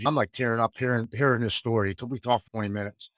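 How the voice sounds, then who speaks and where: A man's voice: mid-range voice, fairly even intonation, fast, fairly bright tone, dry recording, clean studio sound. A man in his forties, from the United States, telling his story as a podcast guest in an earnest, heartfelt and reflective way. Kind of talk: candid interview conversation.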